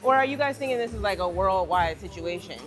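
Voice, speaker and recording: A young fitness creator from Virginia livestreams from an indoor gym, chatting casually and walking viewers through her workout while calling them y'all. Her medium-pitched voice is animated and quick, with soft music behind her.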